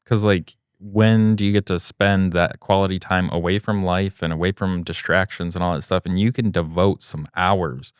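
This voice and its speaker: Low, smooth-voiced podcast man. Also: fairly even intonation, normal speed, few pauses, dry recording, clean studio sound. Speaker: podcast co-host reading a listener letter. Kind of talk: reading a listener letter aloud, casual banter.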